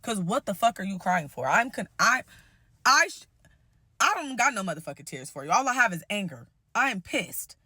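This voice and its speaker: A woman telling a story in a casual vlog, blunt and profane, animated and fired up. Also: medium pitch, fast talker, hardly any pauses, dry recording, studio quality.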